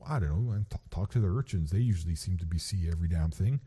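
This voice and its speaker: A man putting on a gruff, grumbling employee in a fake Australian accent. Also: sits low, animated, fast, warm tone, full character voice. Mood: dismissive. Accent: failed attempt at an Australian accent. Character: gruff adult male employee, offhand and unhelpful.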